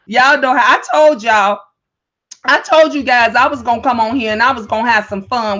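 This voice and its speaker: A woman hosts a casual livestream, speaking in a high, bright voice. She is loud, playful and profane, and breaks into laughter often. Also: fairly quick, dull audio. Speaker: livestream host.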